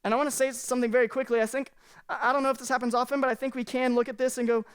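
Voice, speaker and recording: A woman's voice: high voice, little pitch movement, rapid-fire, smooth. A woman pastor giving a sermon from a church stage, earnest and conversational, speaking candidly to the congregation.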